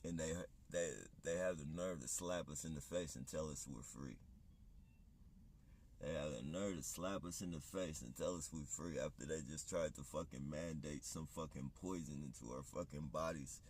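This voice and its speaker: A man's voice: a bass voice, normal speed, a little mellow, slightly rough. A man on a livestream, ranting in a heated, profane, rambling monologue. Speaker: livestream host.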